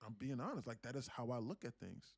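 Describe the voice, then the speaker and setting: A man's voice: medium pitch, lively intonation, quick pace, creaky, husky, no echo. A young man from South Carolina chatting casually on a live stream as a day trader, sarcastic and rambling, often restarting his sentences. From South Carolina, USA.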